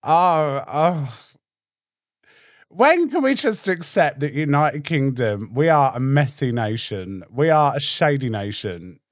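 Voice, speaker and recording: A man reacting to reality TV clips in camp, excitable casual chat, swearing freely. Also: medium pitch, measured pace, few pauses, no echo.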